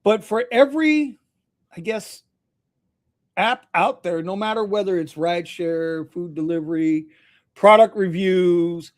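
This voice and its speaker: A man's voice: high-pitched, unhurried. A man hosting a casual livestream chat, loose and jokey, throwing in "bro" and laughing often. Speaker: host.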